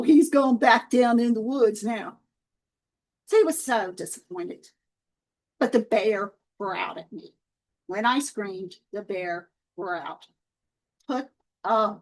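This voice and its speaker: A woman talking casually to her viewers, telling faith stories in a chatty, lively way. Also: high-pitched, low-quality recording. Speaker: Christian author and video host.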